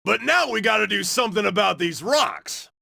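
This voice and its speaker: An actor playing a burly, boisterous young man in a video game, talking in a loud, cheerful, hollering way. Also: sits high, expressive, normal speed, creaky, no echo, clean studio sound, full character voice. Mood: excited.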